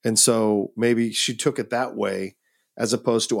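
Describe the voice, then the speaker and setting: A man's voice: fairly low pitch, normal speed, creaky. A male podcast co-host in casual film discussion, thinking aloud and reflecting on characters.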